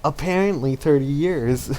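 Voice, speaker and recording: A man's voice: on the high side, a little slow, warm tone, a little hiss or hum. A man co-hosting a casual podcast chat, rambling in a laid-back way with fillers and laughs. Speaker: podcast co-host.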